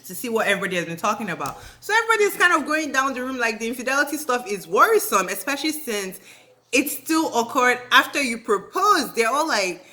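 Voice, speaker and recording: Animated, bright-voiced woman ranting. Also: a little high, fast. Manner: animated, indignant, slangy commentary. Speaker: reality TV recap vlogger. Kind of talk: casual rant.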